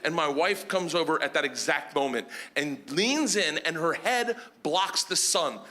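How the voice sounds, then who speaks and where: A man doing stand-up comedy, telling a long story loudly and with animation, shouting his punchlines. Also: a little high, expressive, moderate pace, few pauses. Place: comedy stage with audience. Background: audience laughter.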